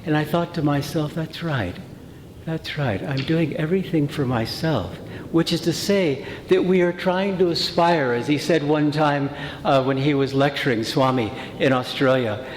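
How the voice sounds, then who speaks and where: A man's voice: fairly high pitch, moderate pace, a little hiss or hum. A man giving a spiritual talk to a retreat group, telling stories in a conversational way, with frequent fillers and restarts. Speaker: retreat teacher. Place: retreat hall. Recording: roomy hall reverb.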